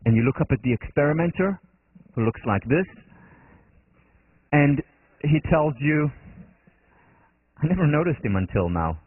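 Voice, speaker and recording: A man's voice: a little high, sing-song, moderate pace, pauses often, no room sound. A man with an Israeli accent gives an earnest university lecture and acts out lines in his examples. The sound is dry and narrow, like a phone line. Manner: earnest, explanatory, acts out quotes in the story.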